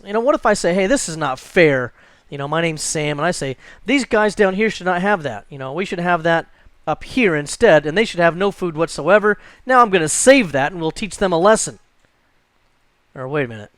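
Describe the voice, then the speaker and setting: A man teaching a screen-recorded software tutorial, chatty and jokey, thinking aloud as he clicks through. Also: sits high, no echo. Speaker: computer instructor.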